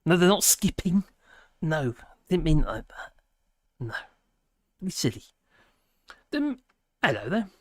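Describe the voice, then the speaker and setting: A man hosts a casual livestream, reading viewer comments aloud and rambling with lots of fillers and restarts. His voice is fairly high and sing-song, unhurried, with long pauses. The sound is clean studio quality with no echo.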